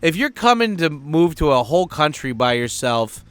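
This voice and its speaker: A man's voice: a little high, big pitch swings, moderate pace, a bit bright, clean tone, dry recording. A man living abroad, telling a story in a casual vlog rant, rambling and swearing freely. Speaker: vlogger living in Japan.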